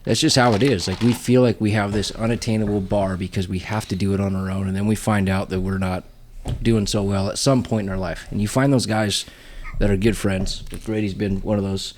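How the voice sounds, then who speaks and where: A man's voice: lowish voice, fairly even intonation, fairly quick, few pauses, darkish tone, a little hiss or hum. A man hosting a casual podcast, earnestly breaking down his points about friendship. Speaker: podcast host.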